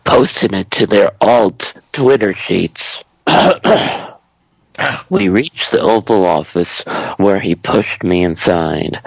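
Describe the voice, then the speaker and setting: A man narrating a comedic story in a slow, deadpan manner. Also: deep voice, gravelly, dry recording, low-quality recording.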